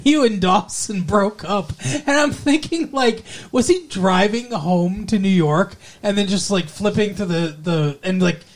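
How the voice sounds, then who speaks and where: A man's voice: high voice, unhurried, few pauses. A man co-hosting a podcast, talking in a casual recap chat with profane, sarcastic and exaggerated remarks. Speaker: podcast co-host.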